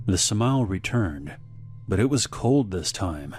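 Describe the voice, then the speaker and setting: A man with a very low, deep voice tells a scripted horror story. His delivery is measured and deliberate. Faint music plays quietly beneath the narration. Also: big pitch swings.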